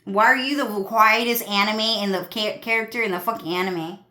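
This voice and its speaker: A woman's voice: mid-range voice, fairly even intonation, brisk, bright, forceful tone. A young woman vlogger ranting to her viewers in a crude, swearing, rambling way, full of fillers. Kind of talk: rambling profane rant to viewers.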